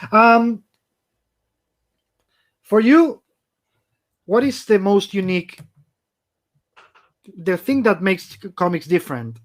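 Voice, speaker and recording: High-voiced man hosting a casual interview. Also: animated, slow pace, pauses often. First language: Spanish. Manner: laughing, loose, swears casually. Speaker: interviewer host.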